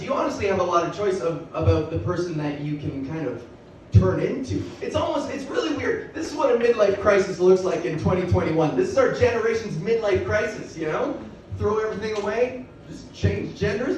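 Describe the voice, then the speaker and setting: A woman doing stand-up in a bar, raspy-voiced, loose and rambling, self-deprecating and laughing often. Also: medium pitch, darkish tone. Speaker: stand-up comedian. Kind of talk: stand-up comedy set. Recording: echoey bar miked from far off with room noise.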